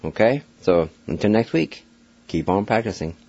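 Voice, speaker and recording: An older man giving a slow, patient radio pronunciation lesson, spelling each word letter by letter and repeating it. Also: lowish voice, expressive, a little mellow, slightly rough. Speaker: radio language teacher. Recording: dull lo-fi radio sound.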